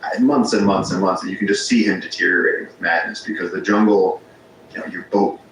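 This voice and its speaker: Man, very low voice, rambling storyteller, casual chat, echoey room, faint background hiss. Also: a little fast. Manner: rambling, restarts sentences, animated storytelling. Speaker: podcast guest.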